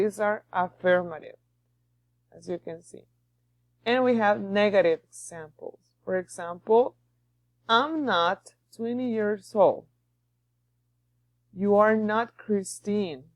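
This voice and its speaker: A woman's voice: medium pitch, no echo. A woman teaching a beginner English lesson, patient and repetitive, often checking in with her students. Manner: slow, patient, repeats and checks understanding.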